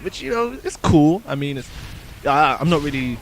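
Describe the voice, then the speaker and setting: A young man tells a story in a relaxed, slangy way, often ending his lines with "man." His voice sits a little high, and he gets animated whenever he voices the people in his tale. A faint hiss of background noise runs underneath. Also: moderate pace, rough recording. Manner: laid-back slangy, ends phrases with "man". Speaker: gaming channel host. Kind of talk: casual storytelling to viewers.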